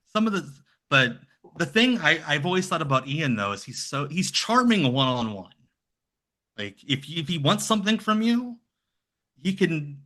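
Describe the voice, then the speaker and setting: A man chatting casually as a podcast guest, rambling and slipping into lively impressions of other people. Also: a little high. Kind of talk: casual chat.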